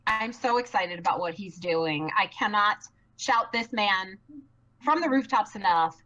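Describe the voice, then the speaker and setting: Woman, live stream co-host, bubbly, excitable, rambling, bright tone. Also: medium pitch, lo-fi sound. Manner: bubbly, rambling, fast excited delivery with many fillers.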